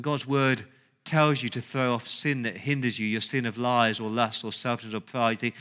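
A man's voice: mid-range voice, steady tone, normal speed, a bit bright. A man preaching a sermon as pastor, emphatic, with rhetorical questions and repeated phrases.

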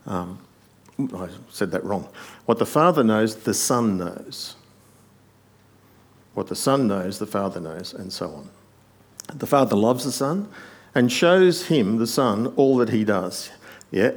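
A man preaching a sermon, explaining a passage point by point and often dropping to a quiet aside. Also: lowish voice, measured pace, pauses often.

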